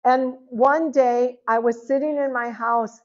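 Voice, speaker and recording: A middle-aged woman giving a personal testimony at a church seminar, telling her story in a lively way and acting out the dialogue. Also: fairly high pitch, unhurried. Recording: lo-fi, dull recording.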